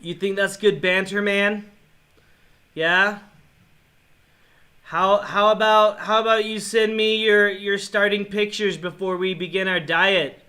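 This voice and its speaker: A man's voice: sits high, little pitch movement, slow, bright, forceful tone. Man raging and cursing over a game. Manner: swears and rages in bursts, then mutters apologies; taunts his opponent in a mocking tone. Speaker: gaming vlogger. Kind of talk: live reactions while playing a mobile game.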